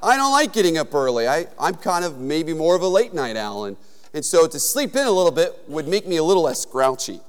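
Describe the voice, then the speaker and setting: A male pastor preaching a sermon in a relaxed, conversational manner, telling stories with frequent fillers. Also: a little high, fairly quick, clear, resonant tone, big-room sound.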